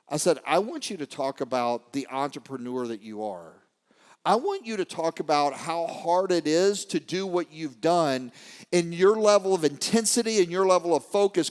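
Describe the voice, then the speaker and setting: A man giving an animated motivational talk to a live audience, swinging from quiet storytelling to shouting. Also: a little high, moderate pace, clear, resonant tone. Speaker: motivational speaker. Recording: long hall reverb.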